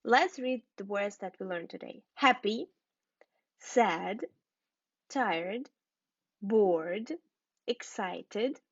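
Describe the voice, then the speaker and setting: Slow, careful woman teaching English. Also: medium pitch, lively intonation, no room sound, muffled recording. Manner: slow, careful teacher speech, spelling and repeating words. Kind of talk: scripted lesson for learners.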